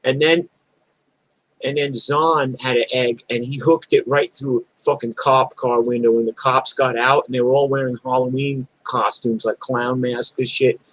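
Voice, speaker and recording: A man's voice: medium pitch, steady tone, normal speed, fairly bright tone, rough recording. A middle-aged man with a New York accent telling old neighborhood stories in a rambling, profane way, full of fillers. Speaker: storyteller host. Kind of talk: casual storytelling.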